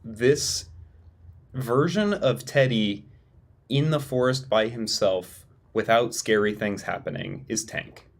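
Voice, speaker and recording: A man's voice: on the low side, slow pace, gravelly. A man playing a tabletop game who thinks aloud, hesitantly describing what his character does. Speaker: player.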